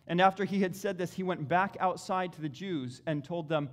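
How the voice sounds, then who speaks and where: A man preaching an expository sermon, reading scripture dramatically with emphatic bursts and slow pauses. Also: high-pitched, long reverb tail.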